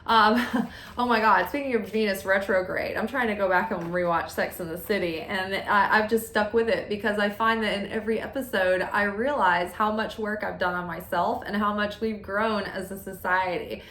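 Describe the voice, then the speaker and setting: A woman's voice: medium pitch, steady tone, moderate pace, fairly bright tone. A woman chatting candidly as a tarot reader while shuffling cards, laughing often. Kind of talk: casual chat while reading cards. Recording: roomy echo.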